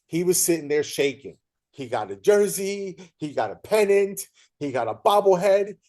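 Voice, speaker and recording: Guy hosting a chat, tells stories all animated, voice sits a bit high. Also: normal speed. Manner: animated storyteller, acts out quoted voices. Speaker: host. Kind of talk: casual interview chat.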